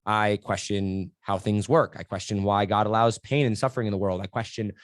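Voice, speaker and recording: This young adult podcast guest has a lowish voice and talks a little fast. He tells stories energetically in a candid interview, sprinkling in plenty of "like" and "right?", and the studio-quality audio has no echo.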